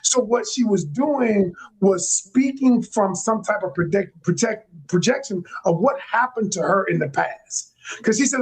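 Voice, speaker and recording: A man speaking as a relationship coach on a live panel, explaining his view in a measured way. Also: sits high, animated, breathy edge, low-quality recording. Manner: measured, explanatory, quotes others in a raised voice. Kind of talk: panel discussion on a live stream.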